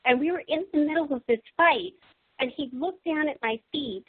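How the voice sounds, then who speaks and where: A woman's voice: high-pitched, normal speed. Giggly woman guest on a phone line. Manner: warm storytelling, giggles between phrases. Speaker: actress and activist, interview guest. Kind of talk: casual interview answers. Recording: dry tinny phone-line audio.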